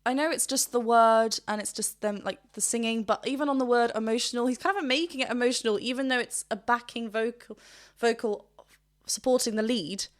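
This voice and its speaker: A woman's voice: a little high, fairly quick. A woman vocal coach giving chatty, enthusiastic technical commentary in a reaction video, with frequent restarts.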